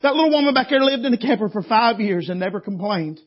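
A man preaches in a folksy, down-home way at a camp meeting and keeps calling on the crowd to answer him. His voice sits very high with a husky edge. The recording is dull and lo-fi. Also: lively intonation, quick pace. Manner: folksy, down-home, calls for audience response. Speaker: traveling preacher. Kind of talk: sermon storytelling.

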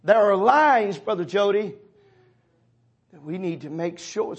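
A man pastor preaching a sermon, swelling loud and dropping low, calling on congregation members by name. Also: a little slow, husky.

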